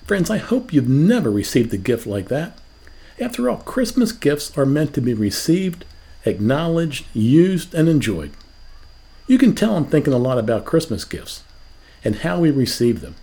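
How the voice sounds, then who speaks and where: A man's voice: on the high side, sing-song, normal speed, dark tone. An older man preaching a sermon as a pastor, asking rhetorical questions in a conversational way.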